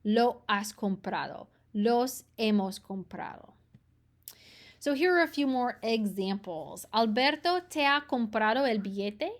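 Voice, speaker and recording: Woman teacher, higher voice, unhurried examples. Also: lively intonation. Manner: slows down to read Spanish examples clearly. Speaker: language teacher. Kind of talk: recorded grammar lesson.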